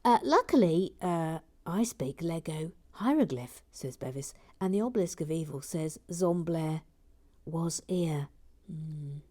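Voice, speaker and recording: A middle-aged woman chats as she builds and reads out viewer comments. Her voice sits low and sounds warm and relaxed. She is dryly funny, and she keeps slipping into quiet, half-whispered muttering to herself. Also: a little slow. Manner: chatty and wry, drifts into soft half-whispered muttering. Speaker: LEGO building channel host.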